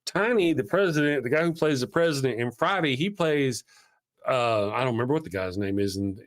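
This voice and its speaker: A man's voice: mid-range voice, lively intonation, brisk, a little hiss or hum. A man hosting a casual live chat, eagerly retelling movie scenes in a loose, rambling way. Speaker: show host.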